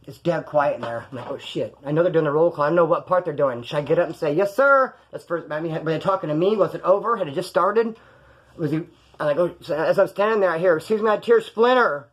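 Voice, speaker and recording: Fast-talking Californian man telling stories. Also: on the high side. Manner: animated, swearing, acts out other voices. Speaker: podcast host telling prison stories. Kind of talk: casual storytelling monologue.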